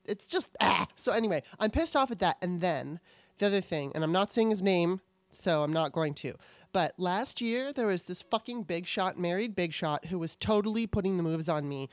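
A woman's voice: fairly low pitch, lively intonation, moderate pace, dry recording. A middle-aged woman co-hosting a casual chat show, candid and rambling, swearing freely. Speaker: podcast co-host.

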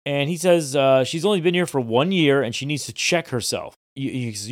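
A man's voice: a little high, normal speed, no room sound, studio quality. A man co-hosting a podcast, narrating TV scenes in casual chat with filler words and quoted lines. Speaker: podcast co-host.

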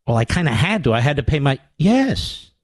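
A man's voice: medium pitch, big pitch swings, fairly quick. A man playing an ordinary taxpayer who defends himself in a pleading, defensive way. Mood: flustered. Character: flustered ordinary male taxpayer under questioning.

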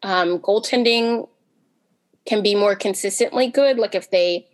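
A woman on a podcast panel in casual chat, talking in quick bursts with frequent restarts and fillers. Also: medium pitch. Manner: talks fast in bursts with many restarts and fillers.

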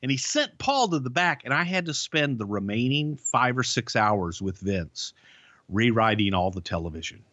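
A man tells long, rambling road stories, swearing freely and restarting his sentences. His voice sits at a middle pitch. The lo-fi recording sounds dull and dry. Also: big pitch swings, moderate pace, a bit bright, no room sound. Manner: profane, rambling anecdotes with restarts. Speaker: podcast co-host, former wrestling writer. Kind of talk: casual storytelling. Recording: dull, lo-fi podcast audio.

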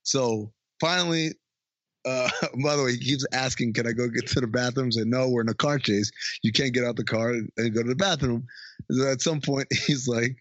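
Animated man recapping a movie. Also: mid-range voice, moderate pace, no room sound. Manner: animated, acts out lines in funny voices, laughs often. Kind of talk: casual chat recapping a movie. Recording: dry, dull lo-fi sound.

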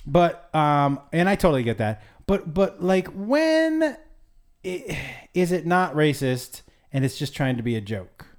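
A man co-hosting a casual comedy podcast, talking in an excitable way, swearing freely and laughing often. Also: on the high side, unhurried. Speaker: podcast co-host, stand-up comedian.

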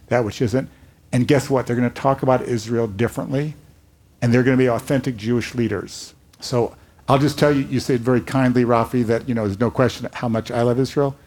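An older man, a rabbi, speaking earnestly and telling stories on a panel before a live audience. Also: mid-range voice. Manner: earnest storytelling, animated quotes.

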